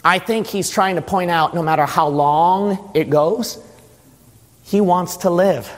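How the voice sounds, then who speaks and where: High-pitched guy preaching slow and dramatic, lots of ups and downs, big hall echo. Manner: dramatic, swings into shouting and sing-song. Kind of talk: sermon. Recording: long hall reverb.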